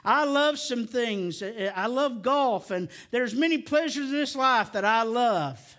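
A middle-aged man preaching a sermon, swinging from near shouts down to low, quiet stretches. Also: lively intonation, slow pace. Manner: emphatic preaching, rising to near shouts then dropping low. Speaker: pastor.

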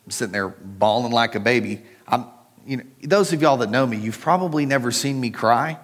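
A middle-aged pastor with a medium-pitched voice preaches a little fast. He keeps things conversational, sharing a personal story and addressing the congregation head-on.

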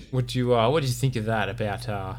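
A man's voice: mid-range voice, background noise. A man co-hosting a podcast, casually recapping an episode with many fillers and acted-out quotes. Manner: relaxed, many fillers, acts out quoted lines. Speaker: podcast co-host.

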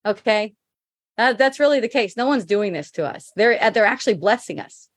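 A woman's voice: medium pitch, expressive, a little fast, dry recording. A middle-aged woman hosting a casual spiritual chat, reading viewer comments aloud, laughing often and swearing freely.

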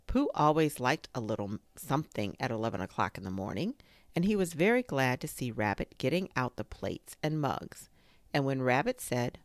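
A woman reading a children's storybook aloud, with a gentle, expressive delivery. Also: extremely low pitch, moderate pace, dry recording, studio quality.

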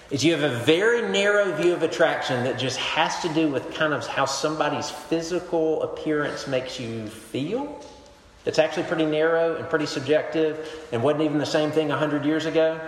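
A male pastor preaching a sermon, telling stories with animated swings between emphatic and hushed delivery. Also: on the high side, slight background noise. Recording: echoey hall with long reverb.

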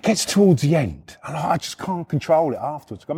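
A middle-aged man spins a rough anecdote, swearing freely and rambling. His voice is husky and fairly high, and it leaps around animatedly. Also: brisk, hardly any pauses. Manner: profane, rambling, lively storytelling. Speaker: storyteller. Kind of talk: casual anecdote.

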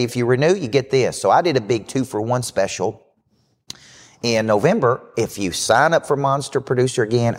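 A man hosting a live business show as a coach, giving a brash, fast-talking motivational pitch. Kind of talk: live podcast talk. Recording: hall reverb.

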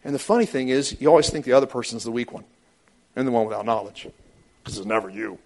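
A pastor preaches a sermon with animation, acting out quoted voices and breaking into sudden high outbursts. He talks fast, and his tone is a little mellow.

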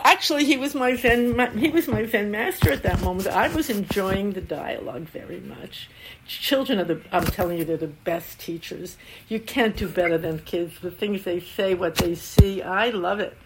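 A woman's voice: mid-range voice, normal speed, a little hiss or hum. An older woman, a Zen teacher, giving a dharma talk with anecdotes and frequent laughter. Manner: warm storytelling, laughs often.

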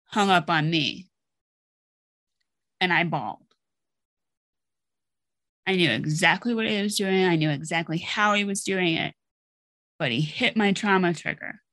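A woman's voice: on the low side, fairly bright tone, no echo. Blunt, candid middle-aged woman podcaster. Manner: blunt, candid, swears freely. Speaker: podcast host. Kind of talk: personal monologue.

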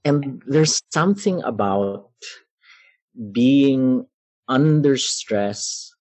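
A man recounting a personal episode in an unhurried, deliberate way, leaning into the drama of the moment. His voice is low and a bit husky, each phrase given room. The sound is close and dry, with no room around it. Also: lively intonation, no room sound. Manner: measured, dramatic retelling with pauses and soft laughs. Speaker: guest storyteller. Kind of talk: personal storytelling in conversation.

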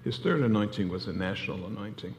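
A man's voice: on the low side, fast talker, lo-fi sound. A man preaching a sermon, telling a story with energy and acting out the voices of the people in it. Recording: hall reverb with music behind. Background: music.

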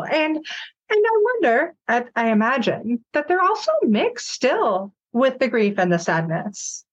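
Chatty woman host on a dull lo-fi line. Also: on the high side. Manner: chatty, affirming, laughs easily. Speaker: podcast host. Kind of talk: conversational interview. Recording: dull lo-fi sound.

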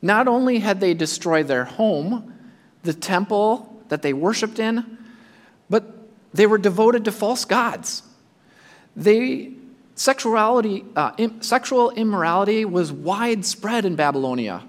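A man preaching a sermon, speaking in an animated way and acting out the imagined voices of his listeners. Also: high-pitched, measured pace, big-room sound. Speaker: pastor.

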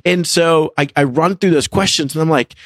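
A man in his thirties hosting a faith podcast, telling a story in a lively, laughing way. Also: on the high side, normal speed, dry recording, studio quality. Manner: animated, laughs through his own story. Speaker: podcast co-host. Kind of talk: casual storytelling chat.

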